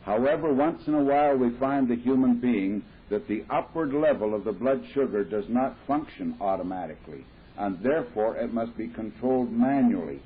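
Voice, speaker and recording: A husky-voiced man speaks at a recovery meeting, explaining in a plain, homely way. The sound comes from a thin, tinny 1970s tape that sounds almost like a phone line. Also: medium pitch, animated, moderate pace. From Midwestern United States. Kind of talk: personal talk at a recovery meeting.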